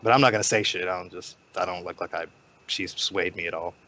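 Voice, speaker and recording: A man's voice: sits low, steady tone, fast, bright, forceful tone, slight background noise. A man playing in a tabletop game, talking casually and hesitantly with many restarts. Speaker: player.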